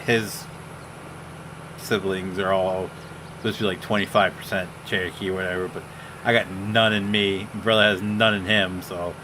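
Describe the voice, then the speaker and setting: A man's voice: low voice, flat delivery, moderate pace, background noise. A man hosting a casual gaming stream, telling a rambling story and quoting family members. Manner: rambling storyteller, quotes others. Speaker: streamer host.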